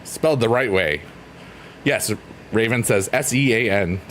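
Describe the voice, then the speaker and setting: Animated, rambling male streamer. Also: lowish voice, measured pace, a little hiss or hum. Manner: rambling, playful, teasing. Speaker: livestreamer reading chat. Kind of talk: casual livestream chat. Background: faint piano music.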